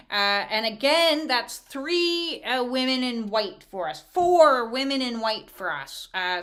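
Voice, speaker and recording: A woman doing a casual spiritual oracle card reading, animated, laughing often and using many filler sounds. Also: fairly high pitch.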